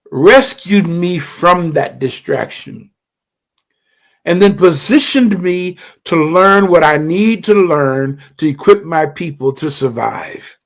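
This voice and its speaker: A man's voice: a little high, creaky. An older man giving an impassioned livestream teaching in a fervent, preachy way, often stammering and repeating words.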